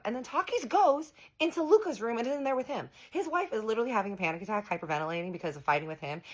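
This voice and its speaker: A woman's voice: lowish voice, fairly bright tone. A young woman telling a personal story in a casual storytime monologue, animatedly acting out quoted dialogue with slang and swearing. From United States.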